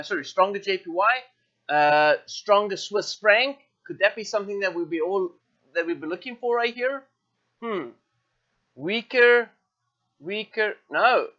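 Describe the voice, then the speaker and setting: A man with a high, bright voice talks through currency charts on a live stream, stopping often to correct himself and fill pauses. The audio is dull and lo-fi, like a streamed broadcast. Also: lively intonation. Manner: thinks aloud with many fillers and self-corrections. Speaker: forex trading show host. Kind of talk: live market walkthrough.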